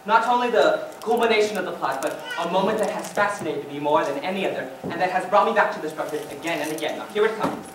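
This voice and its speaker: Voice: mid-range voice, fast, few pauses, lightly acted. A student playing a wry, rambling theater fan. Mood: rueful. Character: wistful middle-aged male theater fan narrating. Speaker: student actor. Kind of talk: stage musical acting. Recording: echoey auditorium, distant mic, noisy.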